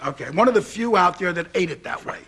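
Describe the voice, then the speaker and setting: A man's voice: sits high, expressive, fast, bright, forceful tone, breathy edge. A man, telling a comic anecdote as a talk show guest and acting out both sides of the dialogue. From Brooklyn, New York. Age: 60s. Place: TV studio.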